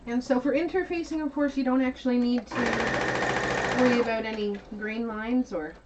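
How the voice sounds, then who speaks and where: A woman guest explaining corset making in a giggly, animated way on a casual stream. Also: a little high, moderate pace, lo-fi sound. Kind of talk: casual demonstration chat. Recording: far from mic with loud machine and room noise.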